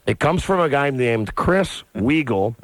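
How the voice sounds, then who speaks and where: Animated male radio host. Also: mid-range voice, measured pace, no room sound. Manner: animated storyteller, acts out voices and reads letters aloud. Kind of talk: morning radio banter and storytelling.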